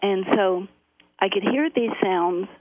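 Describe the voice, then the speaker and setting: A middle-aged woman, a guest on a phone-line interview, tells her story earnestly and fills it with frequent fillers. Her voice is medium in pitch and slow, with no echo, though the line sounds tinny.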